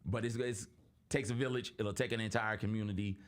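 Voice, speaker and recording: A young adult man co-hosting a casual sports chat show, his voice sitting slightly low. He talks in an earnest, storytelling way and slips into the voices of the people in his stories. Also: steady tone, brisk. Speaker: podcast host.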